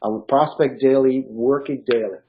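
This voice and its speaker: A man's voice: medium pitch, fairly even intonation, moderate pace, narrow, tinny audio, a little hiss or hum. A man who is not a native English speaker, with a slight foreign accent, talking as a real estate coach in a casual interview, emphatic and motivational. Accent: Eastern European. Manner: emphatic, motivational, laughs easily.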